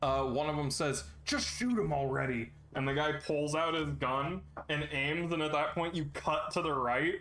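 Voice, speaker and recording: A man narrating a tabletop game as game master in a relaxed, steady way with frequent fillers. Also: fairly high pitch, moderate pace, few pauses, roomy sound.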